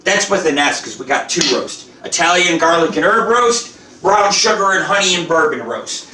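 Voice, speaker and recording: Foul-mouthed, boastful male host; high, bright voice, recorded off-mic in an echoey kitchen. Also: lively intonation, normal speed, distant mic, noisy background. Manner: profane, boastful, rambling. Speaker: show host. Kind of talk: rambling live cooking show chat. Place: home kitchen. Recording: roomy echo, off-mic.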